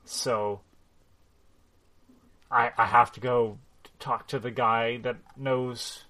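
A man in casual chat recapping a video game story, animated, swearing freely and acting out what characters said. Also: medium pitch, slow.

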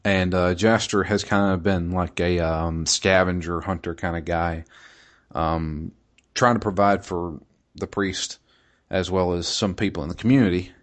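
A man with a deep, low-pitched voice chatting informally about a video game he is playing. He talks in a loose, hesitant way, circling back with "um" and "uh" and restarting his sentences as he goes. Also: steady tone, unhurried. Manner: hesitant, many fillers and restarts. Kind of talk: casual podcast chat.

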